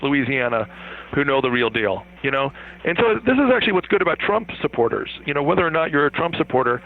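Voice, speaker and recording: Rambling man on a tinny phone line. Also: a little high. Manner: animated, rambling, laughs easily. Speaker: guest. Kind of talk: interview over the phone.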